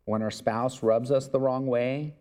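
A man's voice: mid-range voice, steady tone, unhurried, a little mellow. A pastor preaching a sermon in an earnest, conversational way, acting out little dialogues and chuckling as he goes.

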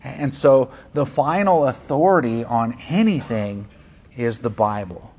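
A man's voice: mid-range voice, lively intonation, measured pace, a little mellow, slightly rough. A man preaching to his church, earnest and conversational, with fillers and repeated words. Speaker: pastor. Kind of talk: sermon.

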